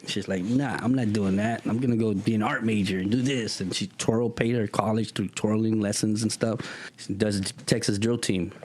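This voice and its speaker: A man being interviewed, telling a story in a casual, animated way, with street slang and acted-out voices. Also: on the low side. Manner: animated, acts out voices in his stories. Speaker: guest.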